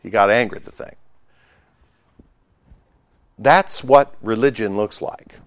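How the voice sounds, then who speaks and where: A man preaching a sermon, emphatic and conversational, swinging between loud exclamations and hushed asides, with humorous remarks to the congregation. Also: lowish voice, slow, clear, resonant tone, no room sound. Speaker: pastor.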